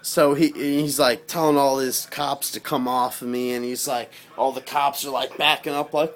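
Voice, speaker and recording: A man telling a personal story in casual, rambling speech, swearing freely and getting loud when he quotes himself. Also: medium pitch, steady tone, normal speed, hardly any pauses. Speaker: storyteller recounting a personal experience.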